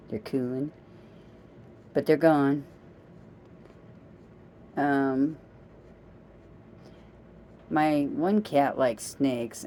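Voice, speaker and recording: Mellow-voiced chatty middle-aged woman. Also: very deep voice, a little hiss or hum. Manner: chatty, meandering, self-amused storyteller. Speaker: vlogger. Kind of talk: casual rambling monologue.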